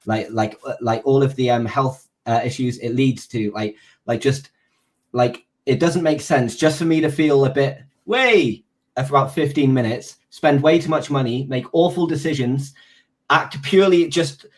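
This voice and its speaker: A man speaks as a guest on a stream. He is hesitant and searches for words, with plenty of fillers between thoughts. His voice sits at a middling pitch. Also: moderate pace. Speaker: guest caller. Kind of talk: casual conversation.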